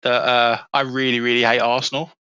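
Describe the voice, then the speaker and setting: A man with a London accent, co-hosting a football podcast, animated and rambling, swearing freely. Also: mid-range voice, brisk, clean tone, dry recording, dull audio. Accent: London English. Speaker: podcast co-host. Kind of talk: casual football chat.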